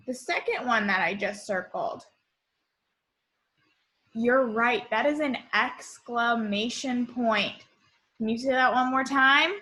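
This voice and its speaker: A woman teaching an online summer school lesson to young children, speaking slowly and cheerfully from a home computer. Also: fairly high pitch, bright, forceful tone. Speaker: kindergarten teacher.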